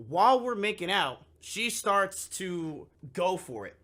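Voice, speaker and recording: A young man with a bright, forceful voice tells a wild story to his stream chat, pitched a bit high. He swears constantly and slips into the voices of everyone in the tale. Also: unhurried. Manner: profane and animated, acting out both sides of the conversation. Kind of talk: casual storytelling to a live chat.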